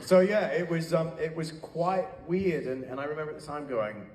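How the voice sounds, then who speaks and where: A man from New Zealand telling stories as a panel guest at a convention, chatty and animated. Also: on the high side, moderate pace, background noise. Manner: chatty, animated storytelling with laughs. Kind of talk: casual anecdote. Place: large convention hall. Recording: echoey hall with faint ambience.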